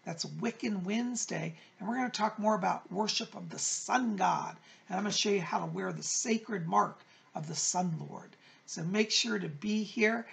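High-pitched with vocal fry and a touch of brightness, this man speaks at a normal speed as host of his own psychic show. He chats warmly and effusively with his viewers, addressing them with pet names.

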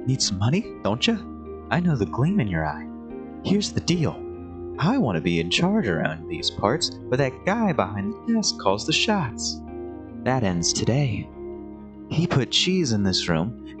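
A man's voice: medium pitch, huge pitch swings, unhurried, music in the background, pitched above the performer's own voice. A man voicing a scheming, greedy male mouse in a game, sly and wheedling.

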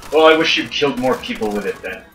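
A man's voice: mid-range voice, expressive, fast, a bit bright, a little hiss or hum. A young man playing a co-op shooter with friends, trading dry teasing banter and calling for help. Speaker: gamer playing co-op. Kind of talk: casual let's-play chat. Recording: roomy, distant mic, game music.

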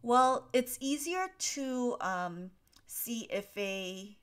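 Young woman teacher doing a live english q&a, talks slow and gentle, lots of ums. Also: a little high, lively intonation, clear, resonant tone. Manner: patient and gentle, with frequent ums. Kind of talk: live-stream lesson answering chat questions.

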